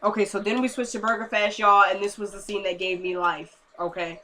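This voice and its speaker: A young woman talks straight to camera in a loose, chatty recap, her voice bright and forward. She retells scenes by slipping into the characters' lines, dropping low and quiet for the dialogue, then springing back up when she gives her own take. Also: steady tone, a little fast, slight background noise. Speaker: TV episode reviewer. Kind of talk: casual recap vlog.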